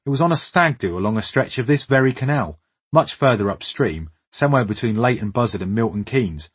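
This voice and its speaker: A man's voice: mid-range voice, expressive, a little fast, husky, dry recording. A man reading scripted documentary narration in a wry, understated way with dry humour. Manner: wry, understated, dryly humorous. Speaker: travel documentary presenter.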